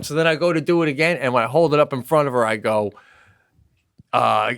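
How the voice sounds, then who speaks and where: A man co-hosting a comedy podcast, telling animated stories with frequent swearing while recovering from hip surgery. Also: fairly high pitch, quick pace, clear, resonant tone, dry recording, studio quality. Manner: animated storyteller, swearing, acting out voices. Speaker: podcast co-host. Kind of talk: casual comedic chat.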